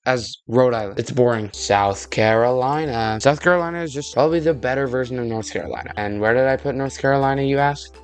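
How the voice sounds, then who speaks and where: A young man from Texas, giving rambling, jokey commentary in a casual video and often breaking off mid-sentence. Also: mid-range voice. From Texas, USA. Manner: rambling, jokey, self-interrupting. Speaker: video creator.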